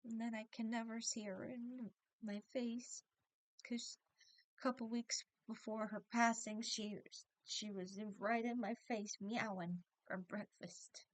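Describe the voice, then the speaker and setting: A woman vlogger talking haltingly about missing her late cat and friend, often restarting her sentences and close to tears. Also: fairly high pitch, fairly even intonation, dry recording. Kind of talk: emotional personal vlog.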